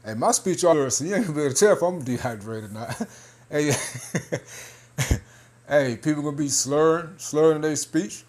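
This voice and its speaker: A man's voice: on the high side, expressive, moderate pace, a little mellow. A man in casual commentary, reading news aloud and talking loosely, half-joking, with laughs and lots of 'man' and 'hey'. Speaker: religious video commentator.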